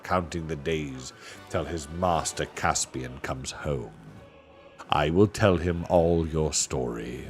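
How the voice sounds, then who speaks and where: A man voicing a great male lion, solemn and kind, speaking slowly and gravely in a storybook reading. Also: heavily acted. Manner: slow, low and grave.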